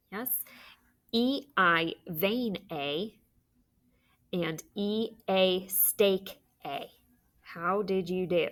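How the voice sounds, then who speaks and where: A woman's voice: fairly low pitch, fairly bright tone. A woman teaching a phonics lesson, patiently dictating words and sounds and encouraging young students.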